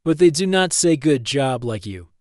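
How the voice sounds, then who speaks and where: A man voicing a polite, formal young alien princess who speaks in simple, halting English. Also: a little high, animated, no echo, clean studio sound, natural voice. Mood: earnest.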